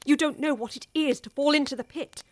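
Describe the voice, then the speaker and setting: A woman's voice: sits high, a little fast, natural voice. Mrs Erlynne, an actress playing an impassioned older woman. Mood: imploring. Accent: English. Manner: impassioned, pleading, urgent. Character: worldly older woman pleading with a young wife. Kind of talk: radio drama acting.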